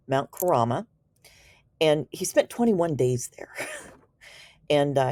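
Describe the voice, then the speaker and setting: Woman, low voice, mellow tone, chatty, slangy, enthusiastic storyteller. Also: no echo. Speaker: Reiki teacher. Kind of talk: casual storytelling explanation.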